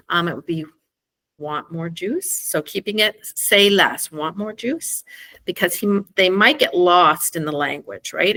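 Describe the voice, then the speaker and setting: A woman with a bright, forceful voice pitched a little low gives an informal talk to parents. She chats loosely, with plenty of fillers. She stretches out simple example phrases slowly and with emphasis, as if speaking to a toddler. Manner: casual and chatty, full of fillers like "um" and "kind of"; acts out slow, emphatic child-directed examples. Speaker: school speech-language educator. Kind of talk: informal teaching presentation for parents.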